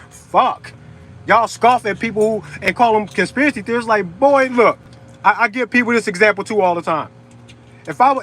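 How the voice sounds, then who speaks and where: A man's voice: high-pitched, fairly bright tone, slight background noise, rough recording. A man ranting profanely on a livestream, outdoors in a parking lot. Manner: profane, heated ranting, conversational slang. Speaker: open carry vlogger.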